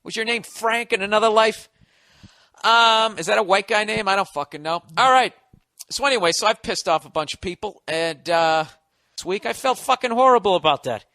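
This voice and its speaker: A man's voice: sits high, normal speed, sharp tone, no echo, studio quality. A middle-aged American man hosting a podcast, delivering a sarcastic, profane comedic rant. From United States. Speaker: podcast host.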